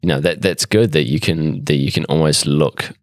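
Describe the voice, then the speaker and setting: Very deep-voiced male host, dry close sound. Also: moderate pace, no room sound. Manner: rambling, searching for words, casual swearing. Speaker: podcast host. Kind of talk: casual podcast chat. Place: indoor room with a painting on the wall.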